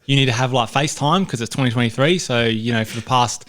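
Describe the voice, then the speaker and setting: A man's voice: mid-range voice, fast talker, fairly bright tone. A man co-hosting a podcast, talking movies in a casual, emphatic way and repeating phrases for punch. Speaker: podcast co-host. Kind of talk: casual movie review chat.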